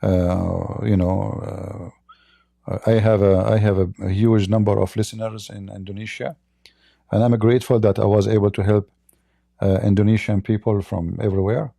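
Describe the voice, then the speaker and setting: Gravelly-voiced man mocking on a livestream. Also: lowish voice, flat delivery, moderate pace, warm tone, dry recording. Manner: blunt, mocking, repetitive restarts. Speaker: livestream host. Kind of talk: livestream monologue.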